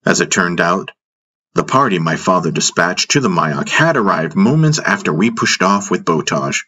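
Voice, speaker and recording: A man narrating a fantasy audiobook in the first person, in a measured storytelling manner. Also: low voice, expressive, bright, forceful tone, husky.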